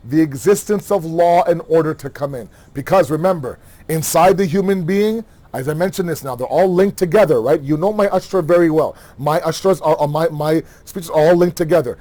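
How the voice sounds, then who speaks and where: Animated male religious lecturer. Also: fairly high pitch, a little fast, hardly any pauses. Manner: animated, rhetorical questions, acts out quoted dialogue. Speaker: Muharram lecturer.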